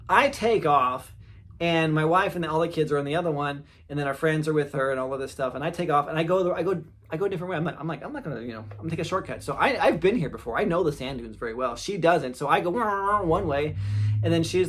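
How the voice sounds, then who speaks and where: A man in his thirties or forties hosting a podcast and telling a personal story in a casual, animated way, acting out the quotes in it. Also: a little high. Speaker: podcast host.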